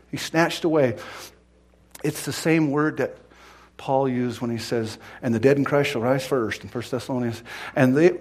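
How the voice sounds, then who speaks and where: A man preaching a sermon, swinging from loud cries to hushed whispers and acting out the people in his stories. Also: slightly rough. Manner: acts out quoted cries in a high strained voice.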